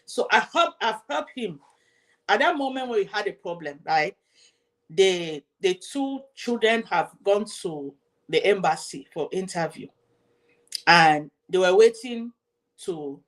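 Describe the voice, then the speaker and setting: A woman's voice: on the low side, animated, a little slow. Emotional woman telling her own story. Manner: emotional, repetitive, addresses the audience directly. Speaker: host. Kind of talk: personal storytelling to viewers.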